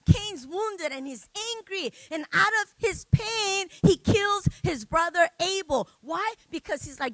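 A woman delivers a sermon in a very high, crisp and bright voice. She speaks unhurriedly and conversationally, tagging points with quick questions to her listeners. The sound is close and dry. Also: lively intonation, no echo. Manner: conversational preaching, tags "right?", acts out examples. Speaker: preacher.

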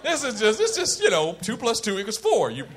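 Delivering a sermon, this Oakland, California native speaks a little fast with a voice that sits high and swings widely in pitch. He alternates loud emphasis with quiet intensity and laughs while recounting something from his own life.

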